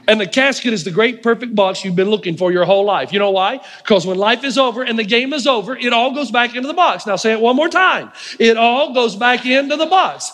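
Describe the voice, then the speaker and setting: A man preaching a sermon, telling stories in an animated way, acting out the voices of the people he quotes and often laughing. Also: very high voice, in a large hall. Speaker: pastor. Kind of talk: storytelling sermon.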